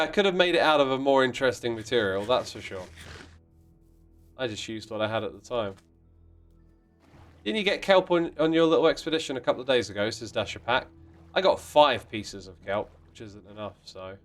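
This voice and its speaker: A man's voice: medium pitch, animated, fairly quick, long pauses, soft background music. A man hosting a game livestream in casual chat, reading out viewer messages in a playful, mock-indignant way with sudden exclamations. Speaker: livestream host playing a block-building game.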